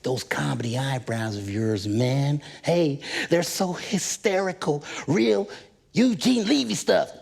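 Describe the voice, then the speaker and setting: Exuberant comic, high and husky, slow and swooping. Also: male voice, full character voice. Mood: effusive. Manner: exuberant, loud and effusive. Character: boisterous friendly male comic actor. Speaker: comedy show star.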